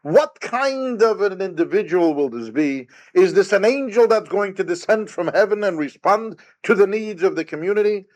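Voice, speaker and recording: A man's voice: sits high, darkish tone. A man, a rabbi, giving a recorded Torah lecture, emphatic and full of rhetorical questions. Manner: retells Talmud story with quoted sage dialogue.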